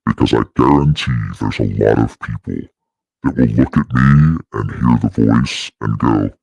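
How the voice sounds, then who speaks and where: A man putting on a demonic deep voice through a voice changer, growling crude threats and jokes as a channel host. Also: unhurried, creaky, darkish tone, husky, no room sound, full character voice. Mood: joking.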